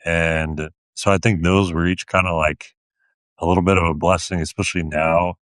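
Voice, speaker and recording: Man in his thirties, very deep voice, dry close sound, thoughtful and easygoing. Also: level tone, normal speed, fairly bright tone, no room sound. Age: 30s. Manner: reflective, plain-spoken, dry humor. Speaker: guest, retired athlete. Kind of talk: casual conversation.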